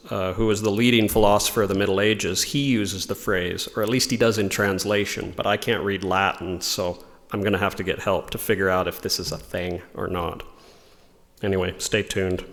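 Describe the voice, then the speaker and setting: A man's voice: on the low side, fairly even intonation, normal speed, fairly bright tone, long reverb tail. A man giving an informal religious lesson, explaining ideas in a thoughtful way and reading quotations aloud. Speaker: religious teacher.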